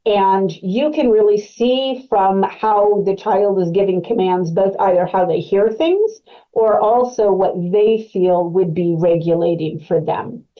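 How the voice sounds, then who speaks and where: A woman's voice: mid-range voice, measured pace, muffled recording. A woman presenting an educational webcast as a clinical specialist, explaining in a conversational way with frequent fillers.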